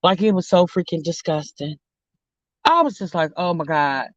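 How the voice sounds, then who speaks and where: Sassy animated woman storyteller. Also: fairly low pitch, normal speed, no echo, muffled recording. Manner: animated, drawling, sassy, calls viewers honey and girl. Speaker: vlog host. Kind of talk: casual storytelling to viewers.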